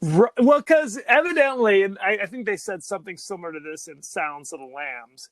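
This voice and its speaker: A man co-hosting a casual movie podcast, rambling and joking with plenty of restarts. His pitch moves around a lot. The sound is dry and close. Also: animated, fairly quick, a bit bright, no echo. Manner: rambling, jokey, lots of restarts. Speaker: podcast co-host.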